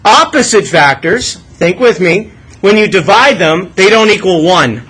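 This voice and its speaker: A man's voice: high-pitched, animated, unhurried, a bit bright, husky, low-quality recording. A male math teacher leading a classroom lesson, coaxing students with questions and asking them to think aloud.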